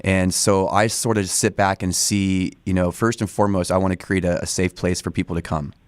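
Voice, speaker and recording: A man's voice: low voice, little pitch movement, fairly quick, smooth, no echo. A man in his forties from Northern California, a studio guest talking at length in a casual, rambling way with many restarts. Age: 40s. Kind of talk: casual interview talk. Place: radio studio.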